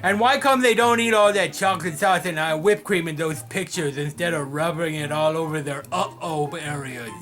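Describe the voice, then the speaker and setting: A man's voice: a little high, moderate pace, hardly any pauses, fairly bright tone, soft background music, close to an everyday voice. A man playing Oswald, a silly childlike man who rambles cheerfully and obliviously. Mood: puzzled.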